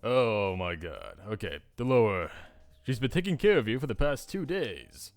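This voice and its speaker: A man's voice: on the low side, big pitch swings, normal speed. A young man hosting a let's play of a visual novel, with goofy, rambling asides. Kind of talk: casual commentary on a visual novel.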